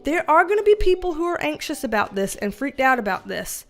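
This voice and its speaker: High-voiced woman reading tarot live. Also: a little fast, soft background music. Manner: animated, casual, swears freely. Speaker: tarot reader.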